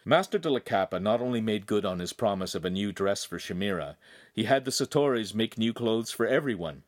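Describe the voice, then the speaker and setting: A man reading a young adult novel aloud as its narrator, with expressive storytelling. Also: fairly low pitch, brisk, dry recording, studio quality. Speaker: audiobook narrator. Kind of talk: scripted narration.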